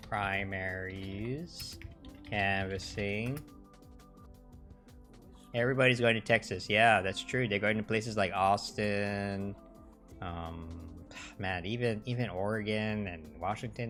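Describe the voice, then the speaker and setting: A man's voice: on the low side, bright, forceful tone. A man hosting a casual livestream, rambling with many restarts, swearing and mocking in sarcastic quotes. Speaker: livestream host.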